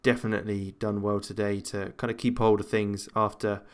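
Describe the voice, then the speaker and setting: A gaming channel host with a lowish voice talks fairly quickly in a flat delivery. He plays a football management game while giving rambling let's-play commentary, full of self-talk, fillers and side remarks.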